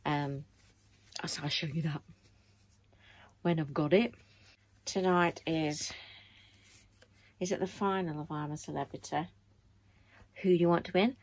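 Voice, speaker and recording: Speaking in a deep voice with fairly even intonation, a middle-aged woman vlogger talks to camera from her bedroom. She's unhurried and pauses often, her casual chat coming across as weary and rambling.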